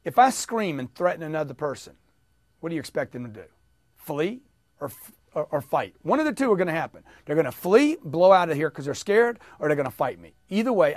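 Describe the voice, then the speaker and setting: An emphatic man leads a motivational sales training, pushing his listeners to repeat upbeat phrases after him. His voice sits a bit high for a man. The sound is dry and close, with no room echo. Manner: energetic, emphatic, coaching the audience to repeat.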